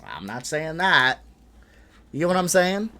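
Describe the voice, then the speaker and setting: Man, reaction host, exasperated, swearing, lively swings in pitch. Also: a little slow. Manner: frustrated, swearing, animated, laughs in between. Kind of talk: casual reaction commentary.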